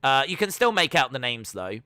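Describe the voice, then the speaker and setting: Guy on a live stream, bright crisp voice, dry close sound, chats to viewers. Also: mid-range voice, normal speed, dry recording. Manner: chatty, reads out viewer comments and answers them; excitable bursts, then trails off quietly. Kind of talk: casual live-stream watch-along chat.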